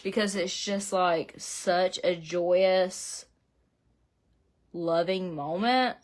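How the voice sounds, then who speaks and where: A middle-aged woman from Georgia with a Southern drawl, talking low and easy as she does her makeup. She rambles in a chatty way and laughs often, like she's catching up with friends. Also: drawn-out words. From Southeast Georgia, USA. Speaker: beauty vlogger. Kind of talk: casual chat while doing makeup. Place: her home beauty room, indoors.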